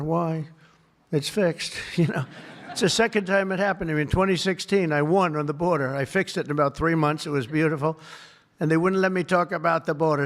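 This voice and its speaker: A man's voice: on the high side, steady tone, fairly quick. A man giving an off-the-cuff public speech to a live audience, rambling and repetitive, with many superlatives and asides. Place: event hall with a live audience.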